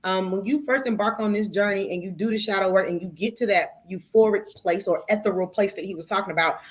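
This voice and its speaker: A woman's voice: medium pitch, quick pace. A woman hosting a spiritual talk show, speaking emphatically and a little preachily, with playful cursing and calling listeners "baby".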